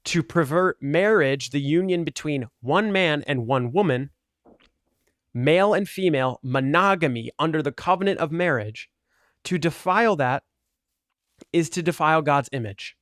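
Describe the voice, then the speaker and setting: A man's voice: fairly high pitch, lively intonation, moderate pace, fairly bright tone, no echo, studio quality. A man talking earnestly and argumentatively in casual commentary over gameplay, with lots of "like" fillers. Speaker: gaming video creator.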